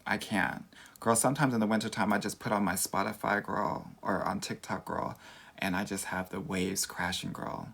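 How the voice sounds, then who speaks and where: A man's voice: fairly low pitch, fairly even intonation, moderate pace, a bit bright. A man from Southern California with a Valley accent, a dating coach doing a casual livestream Q&A, sassy and campy, calling everyone "girl.". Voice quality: creaky.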